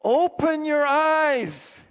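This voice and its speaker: Preacher doing jesus all urgent, high and loud, muffled sound. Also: male voice, lively intonation, extremely slow, full character voice. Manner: urgent, exhorting. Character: Jesus, urgent adult male teacher. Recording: dull with long hall reverb.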